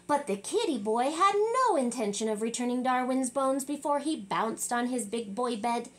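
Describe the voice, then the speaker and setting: A woman reading a children's picture book aloud, animated, with chatty asides to young listeners. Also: a little high, normal speed, few pauses. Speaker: storyteller.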